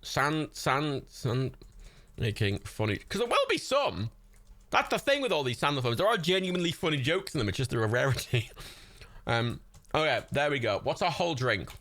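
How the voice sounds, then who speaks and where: A man's voice: medium pitch, sing-song, normal speed, fairly bright tone, dry recording. A man from Ireland hosting a livestream watch party, chatting casually, swearing a lot and laughing often. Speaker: livestream host. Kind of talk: casual chat during a movie watch party.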